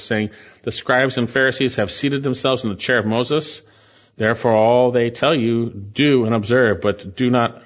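A man preaching a sermon, earnest and emphatic, slowing down to stress phrases and pleading with listeners. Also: medium pitch, highs cut off.

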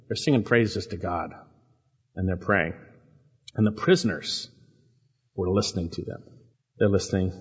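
A man preaching a sermon, reading scripture aloud and stopping to ask his listeners questions. His medium-pitched voice carries a long reverb from a large church hall. The recording is dull and lo-fi. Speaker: pastor. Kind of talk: expository sermon.

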